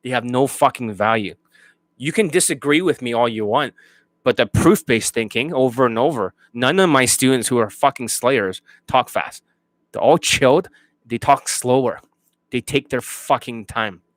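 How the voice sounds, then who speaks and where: A male dating coach in full rant, blunt and cutting, swearing freely. His voice sits at an ordinary pitch. The sound is dry and close. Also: normal speed, dry recording. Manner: profane, blunt, mocking.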